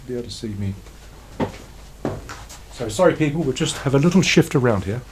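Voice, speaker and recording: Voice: mid-range voice, lively intonation, fairly quick, darkish tone, slight background noise. A radio show host in casual chat, fussing over a guest and calling her dear. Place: small radio studio with cameras.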